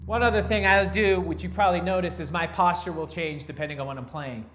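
A man teaching a drum lesson in a relaxed, step-by-step way, counting beats aloud between grooves. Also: high voice, fast, over music. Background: drum playing.

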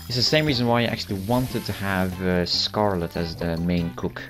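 A man's voice: sits low, normal speed, music in the background. A teenage boy giving rambling, self-amused gameplay commentary, full of fillers and restarts. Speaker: channel host.

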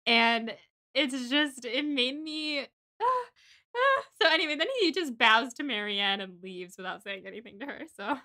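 Young woman co-hosting a book podcast, bright voice a bit high, chatty, swears some. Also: moderate pace. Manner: chatty, swears, acts out quotes. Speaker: podcast co-host. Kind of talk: casual book-club chat.

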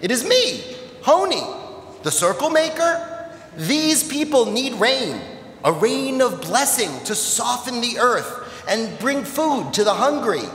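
A man voicing a brash, hungry miracle-working sage who talks loudly and bluntly. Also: very high-pitched, big pitch swings, slow pace, slight background noise, pitched above the performer's own voice, exaggerated voice. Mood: pleading. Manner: loud, pleading, blunt. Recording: echoey hall with long reverb.

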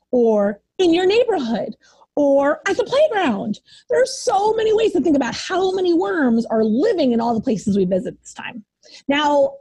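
Reading a picture book to little kids, a woman preschool teacher uses a lively, sing-song delivery. Her voice sits high.

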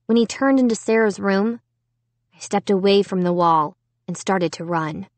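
A woman's voice: mid-range voice, normal speed, dry recording. A woman narrating a children's horror book in the first person, reading steadily and with suspense. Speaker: audiobook narrator.

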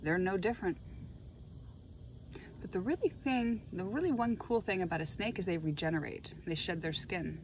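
A woman chatting casually while laying out tarot cards, excitable and full of spiritual musings. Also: lowish voice, moderate pace, slight background noise, rough recording. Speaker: tarot reader.

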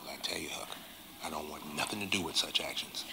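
A rumbling low voice with vocal fry plays a runaway man on a raft, tender and full of remorse, in a 1980s TV film drama. His rural Southern US dialect unfolds his story slowly and from the heart, often falling to hushed whispers, against a noisy background.

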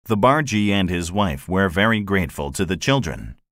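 A man narrating a classic children's story in a measured, expressive way. His voice is very low, yet it moves a lot in pitch. It is recorded dry and close. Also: no room sound. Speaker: audiobook narrator. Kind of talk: scripted narration.

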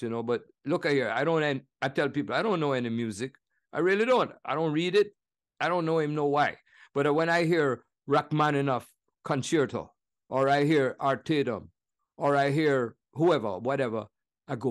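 A man in his seventies with a Jamaican accent, telling stories in an animated, laughing way as an interview guest. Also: a little high. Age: 70s. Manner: animated, laughing, slips into impressions. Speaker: guest musician. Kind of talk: conversational storytelling interview.

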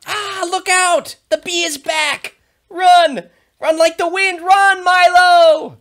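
A man voicing Murphy, an excitable, food-loving young male dog who is scared of bees, in a shrill, panicky voice for a children's story. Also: slow, exaggerated voice. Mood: panicked.

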